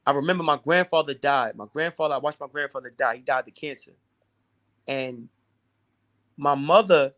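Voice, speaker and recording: A man's voice: mid-range voice, a bit bright. A man telling his own hard story as an interview guest, intense, often repeating and restarting his words. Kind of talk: emotional personal storytelling.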